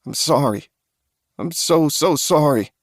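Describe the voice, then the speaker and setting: A man voicing a frightened, tearful young woman survivor in an audiobook, with a soft, pleading delivery. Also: mid-range voice, measured pace, dry recording, studio quality, pitched above the performer's own voice, lightly acted. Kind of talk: audiobook character voice.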